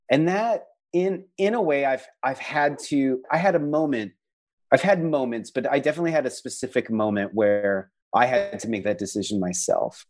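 This is a medium-pitched, slightly dark male voice belonging to a visual artist and man of faith appearing as a guest. His casual interview talk is earnest and introspective, full of word-searching and repeated "likes."

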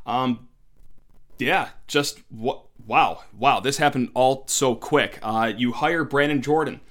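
A young man giving an excited solo talk on college football recruiting, with animated outbursts. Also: mid-range voice. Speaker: sports recruiting commentator.

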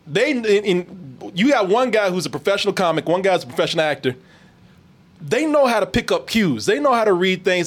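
A man hosting a casual reaction chat, animated, laughing often and swearing freely. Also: high-pitched. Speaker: podcast host.

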